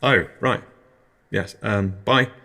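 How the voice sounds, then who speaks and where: A man's voice: on the low side, slow, pushed and bright. A man hosting an absurdist comedy podcast, narrating in a mild, hesitant, dry way. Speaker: podcast host.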